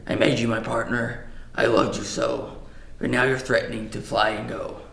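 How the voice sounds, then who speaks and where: A man's voice: little pitch movement, normal speed, vocal fry, fairly bright tone. A man playing a brooding, possessive bat vigilante in an amateur comedy sketch, reading earnestly in an echoey room. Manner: earnest, low-key reading. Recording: roomy echo, faint noise.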